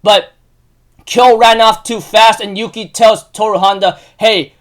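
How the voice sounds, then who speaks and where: Male anime recapper, high voice, casual and rambling, prone to emotional outbursts. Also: measured pace. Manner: rambling, emotional, many fillers and restarts; bursts into loud excited outbursts.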